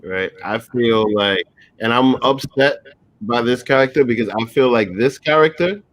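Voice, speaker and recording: A man's voice: mid-range voice, normal speed, fairly bright tone, dry recording, poor audio. A man co-hosting a casual movie review show, speaking hesitantly with many fillers. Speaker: podcast co-host.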